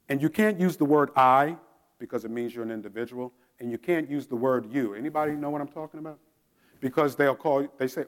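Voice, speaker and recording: A man's voice: medium pitch, fairly quick. Man preaching a storytelling sermon. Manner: prays softly, then tells stories with shouted drill commands. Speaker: pastor.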